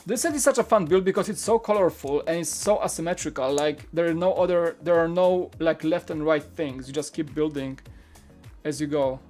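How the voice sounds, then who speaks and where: A man's voice: a little high, fairly quick, darkish tone, soft background music. A man hosting a toy-building live stream, chatting casually and candidly while answering viewer questions in a rambling way. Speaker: Lego channel host.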